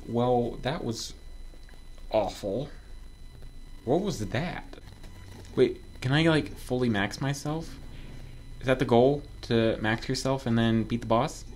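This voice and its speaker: A man playing a platform game and commenting as he goes, excitable and joking, yelping when something surprises him. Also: medium pitch, slight background noise. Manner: excitable, talks to himself, yelps when surprised; joking asides to viewers. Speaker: gaming video creator. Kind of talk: casual let's-play commentary.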